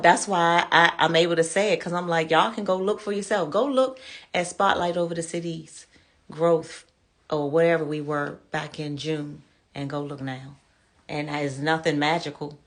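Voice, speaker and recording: A woman in her fifties hosting her show, talking candidly and casually to her viewers as friends, calling them y'all. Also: sits low. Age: 50s. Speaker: show host.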